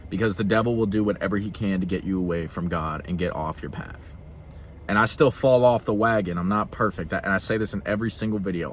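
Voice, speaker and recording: A man's voice: lowish voice, fairly bright tone, a little hiss or hum. A young man vlogging in an earnest talking-head monologue, emphatic and repeating himself for stress. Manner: emphatic, repeats phrases, quick laughs.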